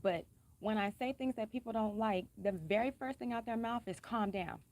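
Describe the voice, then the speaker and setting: A woman vlogging in a casual, blunt way, cussing freely and speaking pointedly with emphatic repetition, keeping her voice calm and unraised. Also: moderate pace. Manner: says she is a singer who keeps her voice calm and low-key. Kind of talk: casual personal talk to camera.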